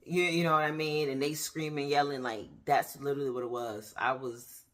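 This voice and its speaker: A woman in her thirties giving a candid personal faith testimony, talking straight to her viewers with pauses and restarts. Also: rumbling low, steady tone, fairly bright tone. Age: 30s. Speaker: faith vlogger. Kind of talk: personal faith testimony, casual talk to camera.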